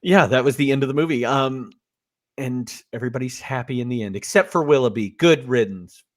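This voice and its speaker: A man co-hosting a casual film podcast, easygoing and a little hesitant, filling gaps with "uh" and "um". His voice sits at an ordinary middle pitch. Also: a little fast. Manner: relaxed, hesitant with "uh" and "um". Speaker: podcast co-host. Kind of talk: casual chat recapping a film.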